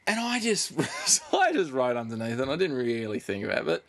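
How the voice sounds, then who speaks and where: A man's voice: medium pitch, wildly swooping pitch, brisk, a bit bright, a little hiss or hum. A young Australian man on a podcast, telling a story with lots of laughs and swearing. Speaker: podcast co-host. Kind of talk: casual chat.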